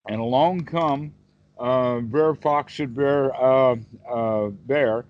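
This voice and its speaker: A dharma teacher with a medium-pitched male voice tells a story slowly over a video call, folksy and rambling with lots of fillers. The audio is dull and dry, typical of video call sound.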